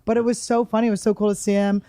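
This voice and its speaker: A woman's voice: mid-range voice, very fast, no room sound. A woman comedian telling stories in a casual chat, acting out the people she quotes. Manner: animated storyteller acting out quoted voices. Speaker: comedian guest.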